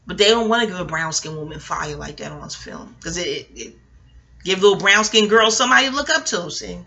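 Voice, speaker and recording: A sassy middle-aged woman from New talks in a loose, wandering monologue, cursing freely as she goes off on tangents. Her New colors a bright, forceful voice that leaps high and drops low. It sounds like a casual, unscripted vlog. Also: lively intonation, a little fast. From New York. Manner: profane, digressive, sassy. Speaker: TV recap vlogger.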